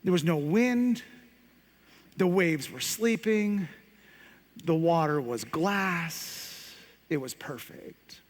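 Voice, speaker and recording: A man preaching a sermon as pastor, telling a story dramatically, slowing down and dropping his voice for effect. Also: high-pitched. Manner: dramatic, slows and drops voice for effect. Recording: long hall reverb.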